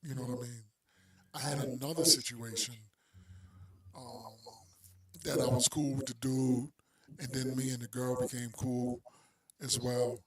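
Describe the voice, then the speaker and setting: A man's voice: mid-range voice, level tone, a little slow. Male podcast co-host, casual slangy storyteller, acts out quotes.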